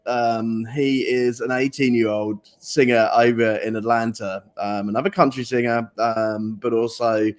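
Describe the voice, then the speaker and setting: A man's voice: medium pitch, fairly even intonation, a little slow, few pauses, smooth. A man from the UK hosting a casual livestream chat over a video call, rambling with many fillers and stock phrases. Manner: chatty, rambling, with fillers and repeated "I tell you what". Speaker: livestream host.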